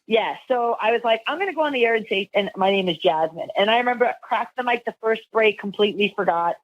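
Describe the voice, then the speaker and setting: A woman's voice: on the high side, fast, dull audio. A woman who hosts a radio show, chatting as a podcast guest in a rambling way, with lots of fillers and restarts. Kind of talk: casual interview storytelling.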